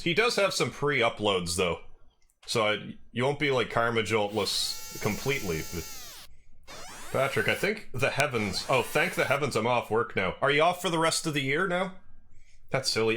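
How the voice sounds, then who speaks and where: A man with a Canadian accent chatting casually with viewers on a game livestream, relaxed and rambling. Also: medium pitch, normal speed. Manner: relaxed, rambling, self-deprecating. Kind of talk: casual chat with viewers while gaming.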